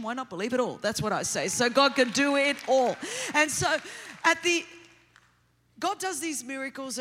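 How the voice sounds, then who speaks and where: A middle-aged woman with an Australian accent, preaching a sermon as a guest in a church, talking hard, fast and without pause. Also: on the high side. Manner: fast, energetic, continuous delivery. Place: large church auditorium. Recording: long hall reverb.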